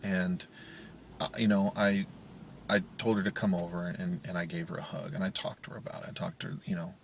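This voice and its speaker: Sitting in a parked car in a parking garage, a vlogger and parent in his thirties talks casually and candidly to camera, with lots of restarts and fillers. His voice sits low with fairly even intonation and a fairly quick pace, recorded on a handheld media player's built-in mic with a little hiss or hum.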